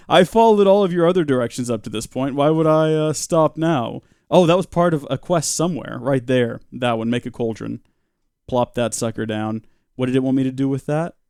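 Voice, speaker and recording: A man's voice: vocal fry, darkish tone, no echo, clean studio sound. A young man giving playful live commentary on a game he is playing, chatting with his viewers and slipping into silly voices. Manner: playful, talks to chat, jumps into silly high voices. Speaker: streamer.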